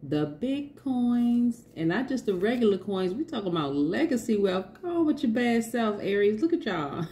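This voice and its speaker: A woman's voice: a little high, big pitch swings, normal speed, few pauses, warm tone. A woman giving a casual tarot reading, chatty and emphatic, repeating her points and laughing often. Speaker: tarot reader.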